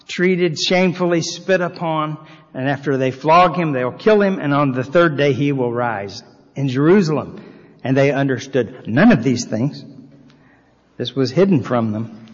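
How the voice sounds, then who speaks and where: Husky guy preaching in a church, earnest, big long echo, kinda dull sound. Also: medium pitch. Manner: earnest preaching, reads scripture aloud with swelling emphasis. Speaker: pastor. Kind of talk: sermon. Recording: long hall reverb, slightly dull sound.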